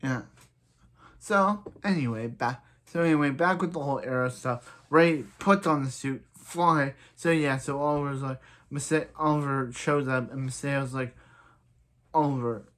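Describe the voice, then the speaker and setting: A man's voice: medium pitch, measured pace, a bit bright. A young man casually reviewing a TV episode, rambling with lots of filler words and sounding exasperated at the characters.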